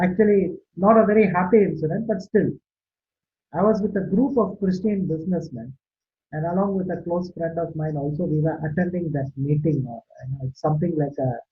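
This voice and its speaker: A man giving an online sermon talk on a video call, emphatic and constantly asking "right?" and "okay?" to his listeners. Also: high-pitched. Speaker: Christian speaker. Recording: tinny video-call audio, faint hiss.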